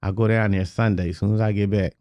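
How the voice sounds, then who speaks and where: A man's voice: fairly low pitch, little pitch movement, fast talker, a little mellow, dry recording, clean studio sound. A man, a rapper telling a story on a podcast, swearing freely and often repeating "you know what I mean". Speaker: guest rapper. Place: podcast studio.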